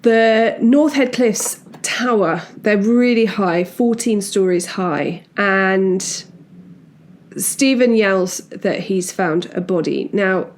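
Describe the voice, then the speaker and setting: Woman podcast host, relaxed and chatty, mid-pitched, with frequent asides while recounting a case. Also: takes it slowly, a little hiss or hum. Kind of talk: casual true-crime storytelling.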